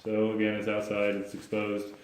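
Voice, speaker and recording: Male home inspector, low and even delivery, practical and plain-spoken, echoey room sound. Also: normal speed, a little hiss or hum. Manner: plain, practical, with frequent restarts. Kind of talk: explaining inspection findings to a client.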